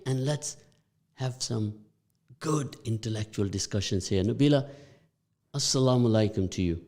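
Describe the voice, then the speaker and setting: A man's voice: fairly low pitch, moderate pace, pauses often, a little mellow. A man hosting a morning community radio show, upbeat and playful, repeating phrases for effect. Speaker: radio host.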